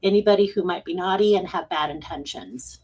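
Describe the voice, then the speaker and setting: A woman's voice: lowish voice, brisk, darkish tone, husky. Playful woman hosting a livestream. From United States. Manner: playful and teasing, casual swearing. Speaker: psychic medium host. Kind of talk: casual livestream chat.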